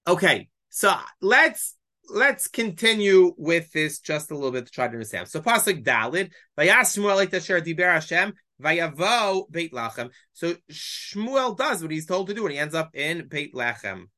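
Teacher, bright clear voice, walks through verses, keeps asking "why?" then answering. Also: mid-range voice, very animated, normal speed. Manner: explanatory, poses rhetorical questions, reads Hebrew verses aloud. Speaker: Bible teacher. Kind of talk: weekly text-study lesson.

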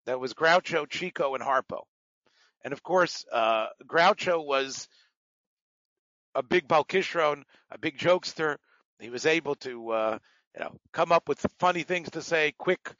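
A man's voice: fairly high pitch, expressive, a little slow, a bit bright, dry recording, dull audio. A man teaching a Talmud class, explaining Aramaic words patiently, with digressions and many fillers. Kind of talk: lecture with asides.

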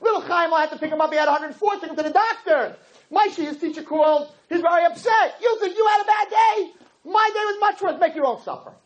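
A man putting on a shrill, frazzled wife. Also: fast talker, a faint crowd. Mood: exasperated. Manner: shrill, escalating, one-upping complaints. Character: harried exasperated wife topping her husband's complaints. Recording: dull lo-fi lecture recording.

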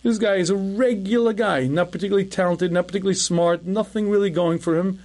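A middle-aged man with a notably high-pitched voice teaches a lecture as a rabbi. He tells stories in a relaxed conversational way and clears his throat often as he goes. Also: fast talker, few pauses. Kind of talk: recorded lecture with storytelling.

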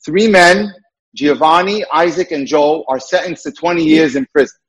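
A man's voice: a little high, moderate pace, husky, poor audio. A man who works as a dating mentor, giving an emphatic lecture with repeated points.

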